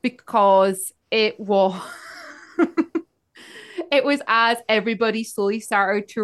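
A woman with a slightly high voice recounts events in a casual podcast chat. She moves briskly between narration and little acted-out quotes, so the telling stays animated. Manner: animated, acts out quoted characters. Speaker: podcast co-host. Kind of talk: casual storytelling recap.

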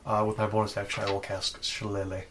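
Lowish male player explaining rules. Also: monotone, fast talker, background noise. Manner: matter-of-fact, explains rules. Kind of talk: casual tabletop play.

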